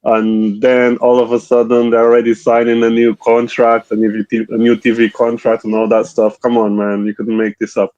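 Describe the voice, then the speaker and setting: A man's voice: mid-range voice, completely flat delivery, normal speed, hardly any pauses, a little mellow, dull audio. A man in a casual group chat, talking emphatically with exasperated asides. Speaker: panel guest.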